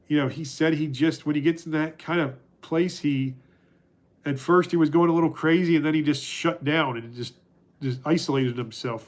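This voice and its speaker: A middle-aged man talks on his livestream in a loose, rambling way, stopping and restarting often as he reads the chat. His voice sits a little high for a man. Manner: rambling, halting, many restarts and fillers. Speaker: livestream host answering chat.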